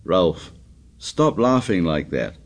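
A man doing a low, stricken teenage boy. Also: very animated, slow pace, exaggerated voice. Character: shaken, haunted teenage boy leader.

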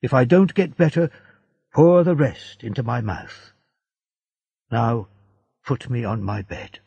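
A frail, wise old prisoner on his deathbed, as a man narrating puts him on, speaking weakly and tenderly. His husky, gravelly voice moves slowly. The recording sounds dull and dry. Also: mid-range voice, lively intonation, warm tone, no echo, exaggerated voice. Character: dying old male prisoner, gentle and wise.

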